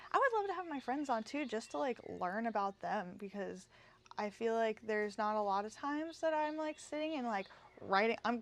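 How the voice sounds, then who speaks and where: A bubbly young woman hosts her own podcast and rambles happily to her listeners. Her voice sits a little high, and her talk is loose and unscripted, full of fillers and asides. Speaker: podcast host. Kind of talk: casual solo podcast chat.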